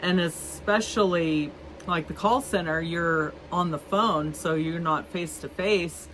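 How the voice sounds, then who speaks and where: A woman's voice: fairly low pitch, slow pace, fairly bright tone, a little hiss or hum, rough recording. A woman in her fifties telling a story to camera in a chatty, rambling way, with many fillers and restarts. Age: 50s. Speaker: vlogger.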